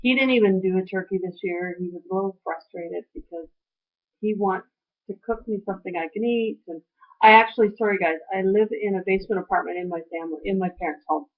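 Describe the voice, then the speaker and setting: A middle-aged woman talks through a personal update in a loose, heartfelt way, circling back with lots of ums and half-finished thoughts. Her voice sits at a typical pitch. The sound is thin and narrow, like it came through a phone. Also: a little fast. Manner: rambling, heartfelt, trailing off with fillers. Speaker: weight-loss surgery vlogger. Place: at home. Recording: tinny phone-like audio.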